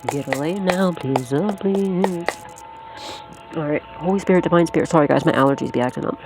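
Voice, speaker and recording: A woman's voice: low voice, brisk, music in the background. A woman giving a casual tarot reading to her viewers, blunt and repetitive, swearing freely and laughing often. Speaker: psychic tarot reader.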